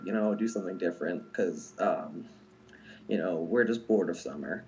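Young man, low voice, casual rambling storyteller, lots of fillers. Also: measured pace, slight background noise. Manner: rambling, heavy use of "like" and "um". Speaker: listener telling a story.

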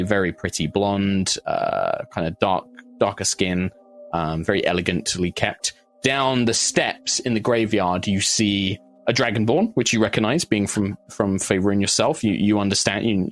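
A man narrating as game master, describing scenes in loose, halting phrases. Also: lowish voice. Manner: loose, hesitant narration with fillers.

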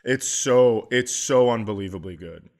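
A middle-aged man co-hosting a comedy podcast, telling rambling stories in casual chat and slipping into animated impressions. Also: medium pitch, moderate pace.

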